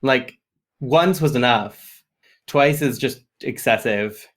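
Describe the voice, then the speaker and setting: A man's voice: mid-range voice, takes it slowly, a bit bright. A man speaking as his tabletop game hero, a wry, exasperated male superhero who makes dry, complaining quips.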